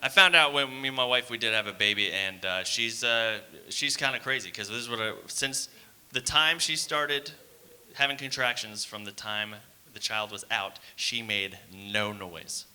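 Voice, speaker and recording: A man's voice: lowish voice, moderate pace, pushed and bright, clean tone. A young man doing a stand-up comedy set on a theater stage, talking casually and rambling with fillers and asides to the crowd.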